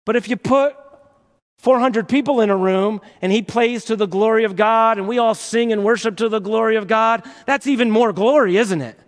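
A man with a high voice delivers a sermon as pastor at a moderate pace, passionate and emphatic, piling on rhetorical questions. The recording carries the reverb of a church hall.

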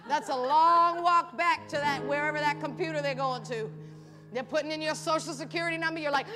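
High-voiced woman preaching over music. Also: a little fast, long reverb tail. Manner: animated, acts out pleading voices, laughs often. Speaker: pastor. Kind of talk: sermon. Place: church service.

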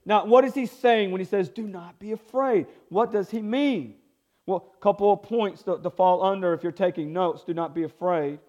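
A man's voice: sits high, normal speed, darkish tone, lo-fi sound. A male pastor preaching a sermon, emphatic and repetitive, calling for responses from the congregation.

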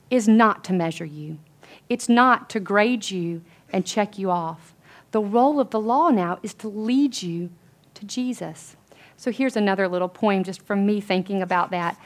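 Woman, earnest, chatty sermon, middle pitch, fillers and restarts. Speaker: women's Bible study speaker. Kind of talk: conversational sermon.

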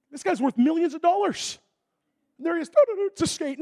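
A man preaching a sermon, telling a story with lively acted-out dialogue that swings from loud excitement to a hushed, intense tone. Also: very high-pitched, quick pace. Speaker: pastor.

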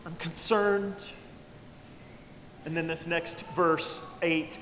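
A man preaching a sermon with great dynamics, dropping to hushed tones and then rising to cries. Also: on the high side, steady tone, extremely slow, pauses often. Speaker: pastor. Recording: echoey hall with long reverb.

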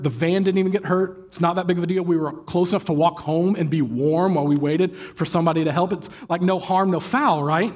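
Husky animated man preaching a sermon. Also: high voice. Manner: animated storytelling with acted sighs and exclamations. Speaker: pastor.

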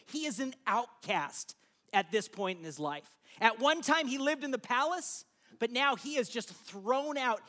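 A preacher retells a scripture story in an easygoing, chatty sermon. The voice sits in an ordinary middle pitch, and the delivery keeps inviting listeners in with quick asides. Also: lively intonation, pushed and bright.

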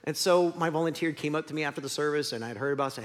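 A man's voice: fairly high pitch, very fast. A middle-aged male pastor preaching a candid, self-deprecating sermon full of stories. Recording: long hall reverb.

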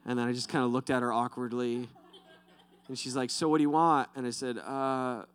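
A young man preaching a sermon, telling animated, self-deprecating stories. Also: mid-range voice, fairly quick. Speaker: pastor.

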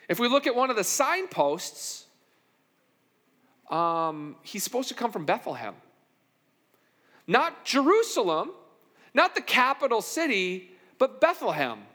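A man's voice: very high voice, a bit bright. A man preaching a sermon and telling the story with animation, acting out the characters' lines. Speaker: pastor. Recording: long hall reverb.

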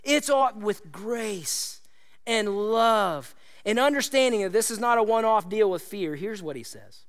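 A man with a high voice preaches in a conversational, animated way. He acts out quoted lines with vivid voices and keeps checking in with the congregation. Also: measured pace. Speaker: pastor. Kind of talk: sermon.

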